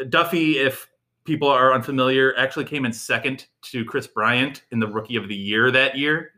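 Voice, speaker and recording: Podcast co-host, male, bright and crisp in tone, chatty and quick to laugh. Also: mid-range voice. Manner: chatty, animated, laughs often. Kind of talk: casual sports chat.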